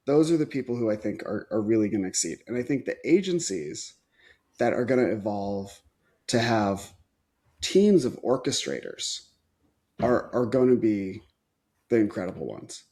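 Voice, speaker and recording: A man's voice: mid-range voice, expressive, moderate pace, darkish tone. A man who runs an agency, thinking aloud in a casual podcast conversation and often restarting his sentences. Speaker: agency owner.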